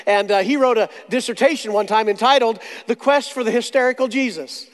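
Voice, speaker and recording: A man preaching a sermon, telling stories with jokes and slow, dramatic pauses. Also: high voice. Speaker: pastor. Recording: long hall reverb.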